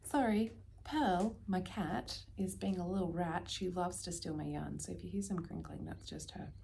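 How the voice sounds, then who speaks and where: An Australian woman vlogging casually about her knitting, chatty and prone to dropping into soft, near-whispered asides. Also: fairly low pitch, normal speed, vocal fry, slight background noise. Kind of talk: casual chat.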